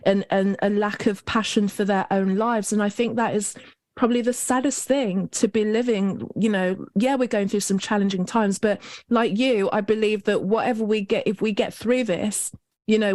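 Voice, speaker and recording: A woman's voice: mid-range voice, steady tone, normal speed, a little mellow, no room sound. A woman hosting a podcast interview, reflective and affirming, with a loose, filler-laden way of talking. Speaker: podcast host.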